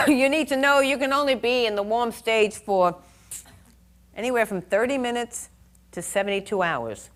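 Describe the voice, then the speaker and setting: An older woman with a somewhat high voice lectures on critical care nursing. She talks in a chatty, emphatic way and drives her points home with stories from the ward. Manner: animated storyteller, chatty and emphatic. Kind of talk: lecture with anecdotes.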